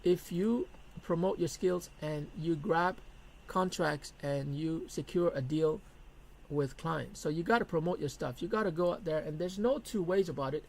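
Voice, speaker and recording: A man's voice: on the high side, vocal fry, poor audio. A middle-aged man teaching a business lesson in a blunt, emphatic way, repeating his key points. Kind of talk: lecture to camera.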